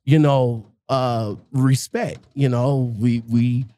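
A man's voice: medium pitch, fairly even intonation, slow, mellow. A man hosting a casual interview, talking emphatically and repeating points with plenty of "you know"s.

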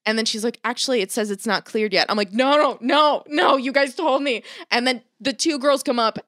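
A woman's voice: fairly high pitch, a little fast, a bit bright, no echo, studio quality. Foul-mouthed woman ranting through a story. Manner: swears constantly, acts out quoted voices. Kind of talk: casual chat, animated storytelling.

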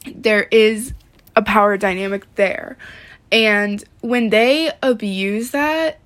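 A vlogger talks casually to camera in a medium-pitched, fairly bright voice, taking it slowly. She's upset and close to tears, rambling, saying "like" constantly and swearing often.

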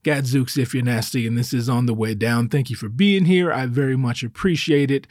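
A man's voice: medium pitch, a little fast, darkish tone, no room sound, clean studio sound. A man hosting his own podcast solo, a little out of breath, talking in a profane, rambling way and making darkly self-mocking jokes. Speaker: podcast host. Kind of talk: casual solo podcast monologue.

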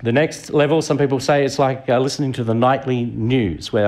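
Middle-aged aussie guy preaching, chatty, keeps asking the crowd questions, mid-pitched voice. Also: fairly quick, hardly any pauses, a little mellow. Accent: Australian. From Australia. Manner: conversational, asks the audience rhetorical questions. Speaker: visiting preacher. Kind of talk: sermon.

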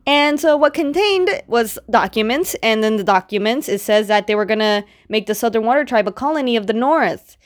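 A woman with a somewhat high voice retells a comic book story in a loose, chatty way. Her speech is full of casual fillers and quick asides. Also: expressive.

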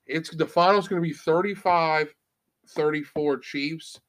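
A man co-hosting a casual sports podcast, his voice pitched a little high. He banters in a brash, joking way and swears freely. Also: steady tone, measured pace, a bit bright.

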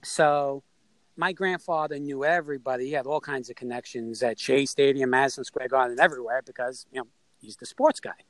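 A middle-aged man from New York telling a story in a casual, animated way and acting out the people in it. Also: mid-range voice, a little fast, dry recording, poor audio. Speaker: storyteller guest.

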